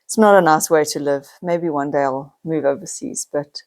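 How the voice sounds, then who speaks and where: A woman's voice: sits low, moderate pace, darkish tone. A middle-aged woman, talking to camera in a heartfelt, confiding personal vlog, near tears at times. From South Africa. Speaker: vlogger.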